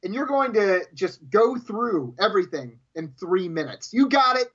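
A man's voice: sits high, lively intonation, moderate pace, few pauses, a bit bright, slightly rough. Teasing mock-pompous man, lo-fi audio. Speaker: podcast co-host. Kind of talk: casual wrestling podcast chat.

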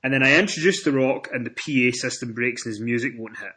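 A man co-hosting a casual wrestling podcast, telling stories with animated swings in pitch and loudness. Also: fast talker. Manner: animated storytelling, rises in pitch and volume when excited. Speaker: podcast co-host.

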